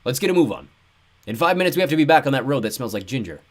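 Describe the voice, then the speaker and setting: A man voicing a loud, brash, chubby man who talks bluntly and dismissively. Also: mid-range voice, big pitch swings, racing, pitched above the performer's own voice. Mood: booming brash. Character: booming brash chubby man, careless and smug.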